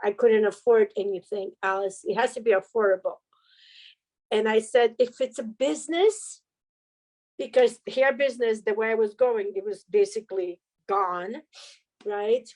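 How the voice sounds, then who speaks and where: A middle-aged woman with a fairly high voice tells her own story as a guest on a talk show. She speaks in a candid, heartfelt way, often laughing through painful moments. Her manner stays earnest and open throughout. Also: a little slow, darkish tone, rough recording. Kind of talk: emotional personal testimony.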